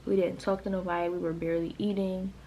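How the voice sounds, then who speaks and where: Her voice is lowish, mellow, and level, and she talks fast on a rough recording with a little hiss or hum. The late-teen vlogger from the United States tells an emotional, rambling storytime packed with "like."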